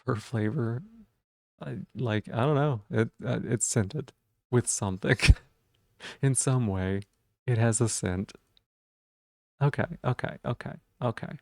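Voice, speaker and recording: A man's voice: medium pitch, slow, creaky, pauses often, darkish tone, no room sound, studio quality. A man streaming live, chatting casually and playfully while he repeats silly puns and rambles.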